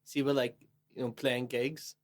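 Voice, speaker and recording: A man's voice: medium pitch, little pitch movement, normal speed. A man, co-hosting a podcast, telling laid-back anecdotes with some swearing. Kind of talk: casual podcast chat.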